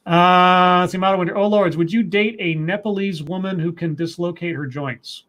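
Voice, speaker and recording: A man's voice: high voice, steady tone, moderate pace, fairly bright tone. A man co-hosting a live stream, reading viewer messages aloud and chatting in a rambling way with many restarts. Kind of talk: casual live-stream chat.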